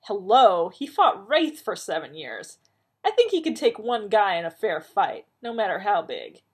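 A woman's voice: mid-range voice, big pitch swings, a little slow, husky, pitched above the performer's own voice. A woman reading aloud, voicing a sarcastic, fretful man with snappy, rising exclamations.

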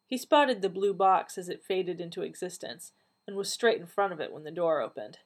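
A woman reading a story aloud, lightly acting out the dialogue. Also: normal speed. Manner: lively, acts out dialogue with raised pitch. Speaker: reader of fan fiction. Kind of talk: storybook narration with character voices.

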